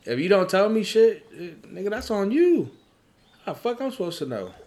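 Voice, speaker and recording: A man's voice: sits high, big pitch swings, normal speed, darkish tone. A man in casual, profane podcast chat, talking bluntly and with emphasis. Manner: blunt, emphatic, swears often.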